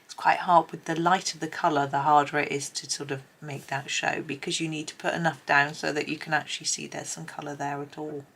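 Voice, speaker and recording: A woman hosting a colouring tutorial, chatting as she works and often dropping to a soft near-whisper. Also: deep voice, flat delivery, a little fast, gravelly, hardly any pauses, a little hiss or hum. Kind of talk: relaxed colouring tutorial narration.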